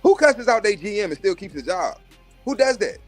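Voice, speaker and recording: A man's voice: high voice, sing-song, fairly quick, soft background music. A man hosting a live stream, telling brash, profane stories about job interviews. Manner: brash, swaggering, profane, acts out other voices. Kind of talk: profane casual storytelling rant.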